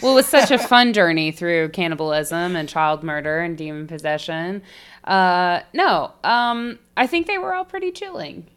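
A woman's voice: fairly low pitch, lively intonation, moderate pace, fairly bright tone, clean tone. A woman co-hosting a podcast in casual chat, sardonic and given to swearing. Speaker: podcast co-host.

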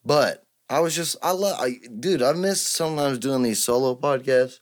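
A man's voice: medium pitch, normal speed. A man hosting a solo podcast, ranting heatedly and swearing constantly. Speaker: podcast host.

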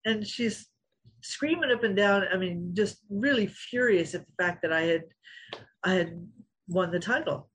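In this poor-quality clip, a middle-aged woman who used to be a fighter tells stories during an interview. Her medium-pitched voice has a breathy edge and a measured pace, and she's an animated narrator who acts out quotes and laughs often.

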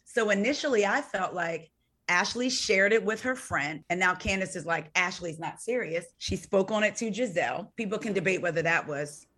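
A woman guest on a casual podcast, recounting events in an animated storytelling way. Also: mid-range voice, normal speed.

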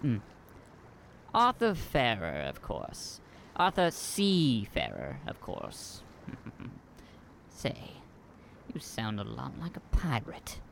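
Male actor plays a naive, gushing playboy academic; sing-song and unhurried, audio comedy. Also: mid-range voice, wildly swooping pitch, gravelly, a bit bright, a little hiss or hum, exaggerated voice. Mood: prim. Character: pompous rich young male pirate scholar.

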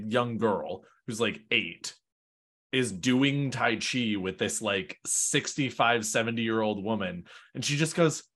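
A man's voice: lowish voice, a bit bright. A man hosting a podcast, rambling casually and laughing easily. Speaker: podcast host.

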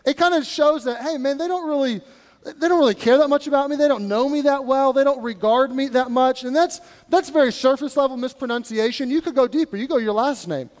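This male pastor has an extremely high, darkish voice and talks a little fast. He preaches conversationally in a church sanctuary, putting rhetorical questions to his congregation, with the reverb of a church hall on the recording.

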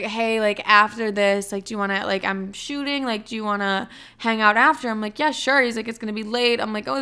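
A woman's voice: on the high side, pushed and bright, clean tone. A young woman hosting a podcast, telling stories in a casual, blunt, profane way and saying "like" constantly. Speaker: podcast host. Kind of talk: casual storytelling monologue.

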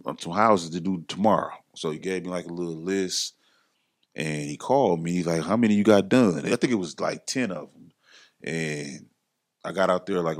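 A middle-aged man telling his story casually as a podcast guest, acting out other people's lines in a raised voice. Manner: animated, acts out others' lines in a higher voice.

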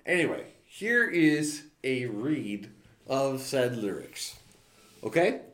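A man's voice: medium pitch, sing-song, slow pace, a bit bright. A man hosting a casual, crude, joking podcast. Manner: crude, joking, often laughing. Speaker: podcast host. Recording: echoey room, faint noise.

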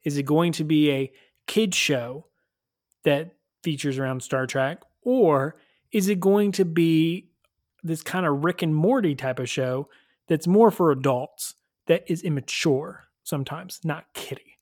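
A man hosting a casual review podcast, animated and chatty, with lots of fillers and frequent laughs. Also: fairly high pitch, a little slow, no room sound, clean studio sound. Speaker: podcast host reviewing episodes.

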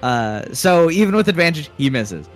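Laughing male game master, lively pitch. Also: moderate pace, faint music behind. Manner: laughs often while narrating. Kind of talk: narrating a tabletop game.

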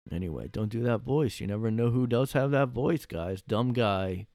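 A man's voice: mid-range voice, normal speed, darkish tone, no room sound, clean studio sound. A man hosting a solo podcast from his room, rambling and joking and laughing at his own bits. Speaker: podcast host. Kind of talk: casual solo monologue.

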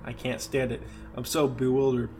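A man's voice: mid-range voice, level tone, normal speed, a little mellow, slight background noise. A man co-hosting a podcast, reading a creepy story aloud and breaking off to laugh and joke. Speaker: podcast co-host.

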